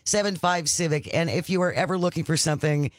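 A man hosting a morning radio show, chatting with co-hosts and reading out the phone number slowly. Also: a little high, dry recording, studio quality.

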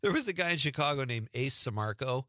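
Bright-voiced guy hosting, telling stories, laughing easy, dry sound. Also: mid-range voice, very animated, quick pace, dry recording. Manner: chatty, storytelling, laughs easily. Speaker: host. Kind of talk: casual interview chat.

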